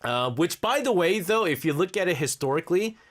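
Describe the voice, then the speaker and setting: Male radio talk host with a lively, rising-and-falling voice, explaining at length with hedges, studio mic. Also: sits high, fairly quick. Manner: explains at length, hedging with "I think" and "uh". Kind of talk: casual chat on a radio talk show.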